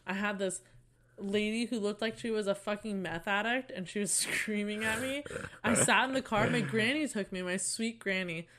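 A woman's voice: mid-range voice, moderate pace, a bit bright, slight background noise. A young woman co-hosting a casual chat, a little drunk, telling stories with lots of swearing and laughter. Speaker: podcast co-host.

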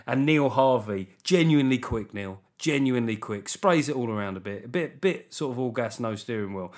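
A middle-aged man with a Southern English accent hosts his own comedy podcast alone. His voice sits at an ordinary middle pitch. He riffs loosely and swears freely, with quick asides. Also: animated. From England. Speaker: podcast host. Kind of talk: solo comedy podcast chat.

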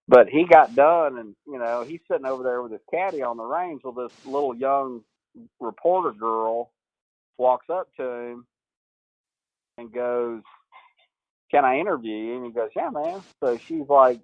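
A man, a golf coach guest, telling animated stories in a podcast interview and acting out what people said, laughing often. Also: medium pitch, no echo, dull audio. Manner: animated storyteller, acts out quotes, laughs often.

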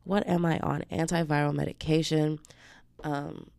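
A woman's voice: low voice, level tone, moderate pace, creaky, a little mellow, no echo. A woman hosting her own podcast while sick with the flu, chatting casually in a slangy, profane way and calling her listeners babes. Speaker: podcast host. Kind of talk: casual solo podcast chat.

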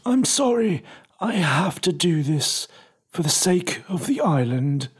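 A man's voice: high voice, big pitch swings, slow, slightly rough, pitched above the performer's own voice, exaggerated voice. A man voicing a reluctant, apologetic male island governor in a tabletop game. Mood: regretful. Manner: apologetic, regretful.

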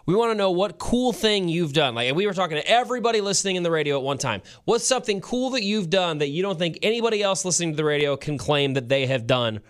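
A man co-hosts a radio show, bantering with a joking, easygoing manner. His voice sits a little high and swings widely in pitch. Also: quick pace, few pauses, clear, resonant tone. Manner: joking, animated. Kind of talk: casual radio chat.

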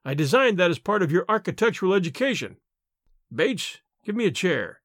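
A man's voice: sits high, very animated, a little fast, a bit bright, no room sound, clean studio sound, heavily acted. A man voicing a jovial, shrewd old grandfather who speaks heartily with chuckles. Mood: hearty.

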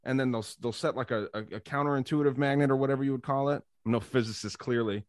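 A man's voice: mid-range voice, fast talker, dry recording, studio quality. A man talking loosely on a podcast, rambling with lots of filler words. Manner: rambling, heavy on fillers like "like" and "dude". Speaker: podcast guest. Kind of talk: casual conspiracy chat.

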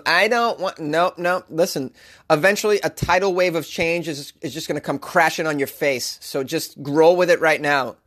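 A man hosting a comedy news show, reading odd headlines and riffing on them with sarcastic, animated rants and mock voices. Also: a little high. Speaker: podcast host.

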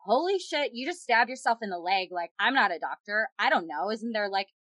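A woman telling a personal story in casual chat, animated and peppered with "like". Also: mid-range voice, fairly quick, dry recording. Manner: animated, heavy use of "like".

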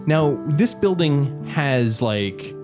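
A man's voice: fairly high pitch, animated, drawn-out words, over music. A tired man co-hosting a casual podcast chat, swearing freely as he tells a story. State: tired, yawning. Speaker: podcast co-host.

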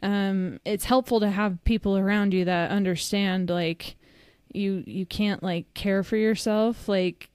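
Slow-talking woman in candid chat. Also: medium pitch, fairly even intonation, a little mellow, smooth, dry recording. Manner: candid, swears casually, laughs often. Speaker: podcast co-host. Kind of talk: casual chat.

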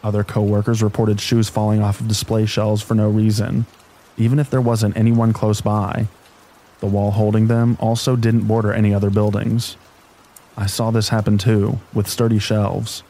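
Male narrator for bedtime horror stories, deep and dark-toned, reading calmly over rain. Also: normal speed, poor audio. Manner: calm, even sleep-story reading. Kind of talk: scripted narration of scary stories.

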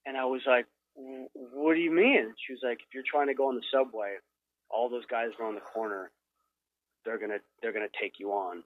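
A man's voice: medium pitch, fairly even intonation, a little fast, husky, narrow, tinny audio. A man from Minnesota, a guest filmmaker in a casual podcast chat, telling a story with lots of "like" fillers.

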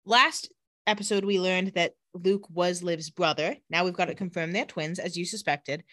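This co-host speaks at a moderate pace, her clean studio recording free of echo. She chats animatedly about a TV episode, quoting the characters in deepened voices.

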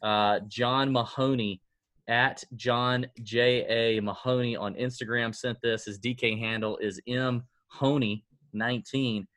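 A man's voice: mid-range voice, fairly even intonation, measured pace, a bit bright, no room sound. A man hosting a casual sports-betting podcast, joking and self-mocking as he chats with his co-host.

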